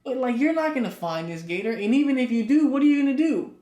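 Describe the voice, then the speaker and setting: A man co-hosting a casual podcast, telling stories and rising loud for punchlines. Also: very high-pitched, animated, fast. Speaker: podcast co-host. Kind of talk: casual chat. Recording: echoey room.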